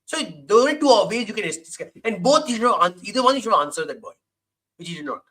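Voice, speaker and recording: A man with a high, bright, ringing voice delivers heated stream commentary. He is emphatic and lays out his argument point by point. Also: very animated. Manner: emphatic, fast, explains point by point. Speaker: co-host reacting to a debate clip.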